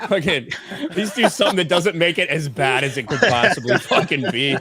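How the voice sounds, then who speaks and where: A man's voice: fairly high pitch, fairly quick, crowd noise. A man on a casual online panel, sarcastic and crude, laughing at his own jokes.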